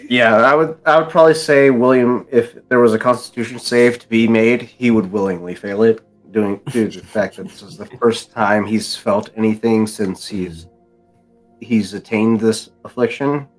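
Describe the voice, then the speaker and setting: Male player, lowish voice, thoughtful halting delivery, faint music behind. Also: steady tone, poor audio. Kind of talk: tabletop role-play narration.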